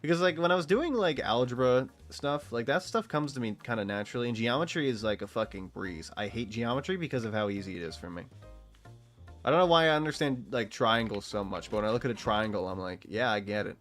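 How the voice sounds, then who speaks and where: A man's voice: mid-range voice, animated, fast, a bit bright, faint music behind. A man from Texas giving casual, rambling gameplay commentary as a streamer, swearing freely and laughing often.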